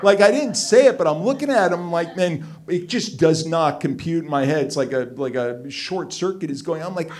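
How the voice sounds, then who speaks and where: A man from Los Angeles telling a comedic story live on stage, animated and excitable, peppering his talk with "like". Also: on the high side, moderate pace. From Los Angeles, United States. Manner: animated, excitable, heavy use of "like".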